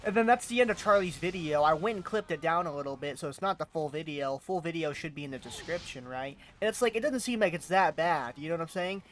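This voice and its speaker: A man's voice: a little high, fast talker, few pauses, a bit bright, slight background noise. A man commenting on a stream clip, exasperated and mocking, often calling the subject "bro". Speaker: commentary host. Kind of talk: reaction commentary.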